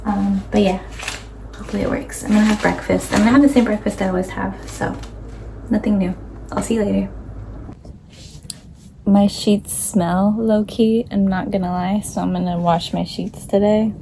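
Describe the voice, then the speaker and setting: A young woman chatting casually to her phone camera at home in a relaxed, self-deprecating vlog, with frequent apologetic asides. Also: medium pitch, moderate pace, gravelly, pauses often, a little hiss or hum, low-quality recording. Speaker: vlogger.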